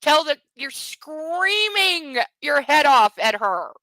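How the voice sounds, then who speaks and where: A woman's voice: high-pitched, sing-song, slow pace, bright, forceful tone, no room sound, rough recording. A woman at home reading a book aloud and adding sarcastic, swearing commentary. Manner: sarcastic, swears freely, talks to her dog.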